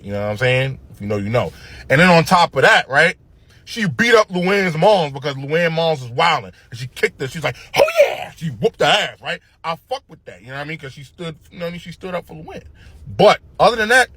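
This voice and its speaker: Husky slangy dude ranting, swings his pitch all over, super dry close mic. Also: no echo. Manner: profane, animated, slangy and opinionated. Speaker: show commentator. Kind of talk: casual commentary rant.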